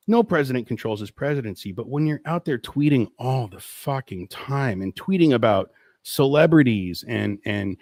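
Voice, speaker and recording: A man's voice: mid-range voice, big pitch swings, moderate pace, darkish tone, no echo. Profane ranting man, very dry sound. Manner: profane, exasperated, rambling. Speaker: host. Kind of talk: live-stream rant.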